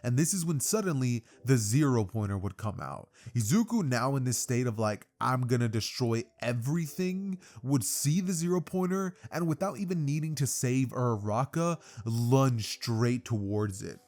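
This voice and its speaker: A man casually narrating a fan-made story in an energetic, slangy way. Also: mid-range voice, moderate pace, few pauses.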